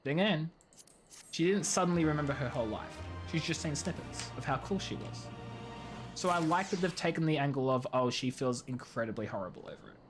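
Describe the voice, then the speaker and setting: A woman's voice: deep voice, a little fast. Woman gaming streamer rambling on, voice all over the place, faint music behind. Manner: chatty, animated, rambling tangents and giggling.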